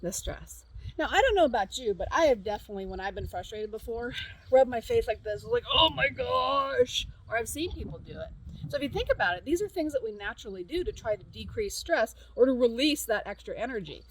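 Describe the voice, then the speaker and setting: A woman's voice: fairly high pitch, expressive, fast, slight background noise, rough recording. A middle-aged woman, a counselor, casually demonstrating a tapping technique outdoors, chatty and repeating short cue phrases, with an easy laugh. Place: outdoors at a farm.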